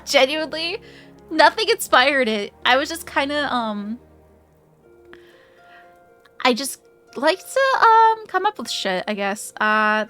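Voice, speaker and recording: A woman's voice: fairly high pitch, sharp tone, clear, resonant tone. A young woman streaming a game, chatting casually in a rambling, profane, giggly way. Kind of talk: casual livestream gaming chat.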